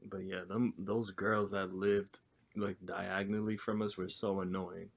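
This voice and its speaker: A young man on a podcast tells a story in a loose, rambling way, full of starts and fillers. His voice sits on the low side. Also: flat delivery, unhurried, vocal fry. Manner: rambling, lots of fillers and restarts. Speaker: podcast co-host. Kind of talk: casual chat.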